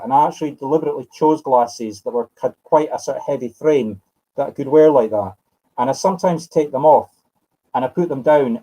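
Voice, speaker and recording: A man's voice: mid-range voice, dark tone, rough recording. A Scottish man in his fifties giving live spiritual readings, musing aloud and correcting himself as he addresses sitters by name. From Scotland. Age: 50s. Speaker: medium.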